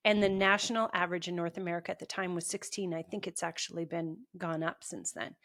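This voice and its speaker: A woman's voice: on the low side, steady tone, quick pace, fairly bright tone. Blunt, teasing Canadian woman. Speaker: podcast co-host. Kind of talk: casual chat.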